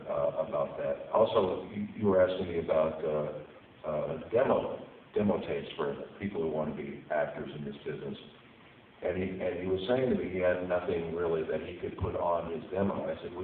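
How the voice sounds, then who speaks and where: A man's voice: deep voice, fairly quick, phone-quality sound, a little hiss or hum. A man speaking as a voice actor on a panel, giving blunt, practical advice. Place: convention panel room. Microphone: audience member's cell phone. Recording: echoey hall on a phone from far off.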